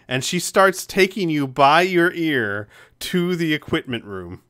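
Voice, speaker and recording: A man narrating as game master of a tabletop game, relaxed, with frequent fillers and laughs. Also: fairly high pitch, unhurried, few pauses.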